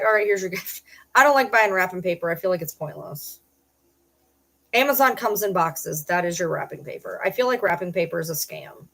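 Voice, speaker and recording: A middle-aged woman streamer chatting casually with her viewers, blunt and profane, breaking into loud yells now and then. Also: on the low side. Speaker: streamer reading chat. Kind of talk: casual live-stream chat.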